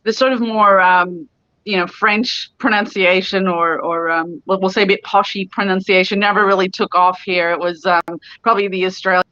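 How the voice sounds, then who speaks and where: A woman's voice: medium pitch, fairly even intonation, normal speed, pushed and bright, no room sound. A middle-aged woman from California, a spa owner chatting as a guest in a remote interview. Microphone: video call. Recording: dull lo-fi call audio.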